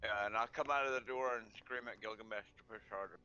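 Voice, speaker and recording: Low, bright-voiced joking player. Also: male voice, quick pace, clear, resonant tone, muffled recording. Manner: joking, playful. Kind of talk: casual tabletop role-play.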